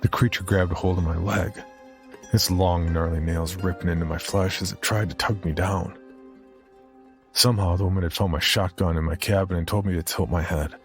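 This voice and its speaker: A man narrating a first-person horror story in a steady, measured storytelling manner. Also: sits low, faint music behind.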